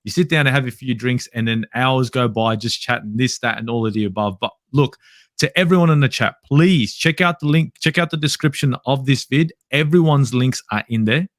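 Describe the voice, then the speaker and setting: A man's voice: mid-range voice, fairly quick, dry recording, clean studio sound. A man with an Australian accent, hosting a casual chat and swearing freely. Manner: swears freely, laughs often. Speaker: podcast host.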